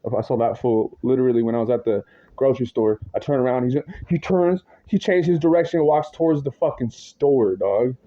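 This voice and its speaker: A man's voice: mid-range voice, a little fast, dark tone. Agitated man ranting, lots of cursing. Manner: agitated, profane, rambling with slang asides. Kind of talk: ranting monologue to camera. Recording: dull lo-fi audio.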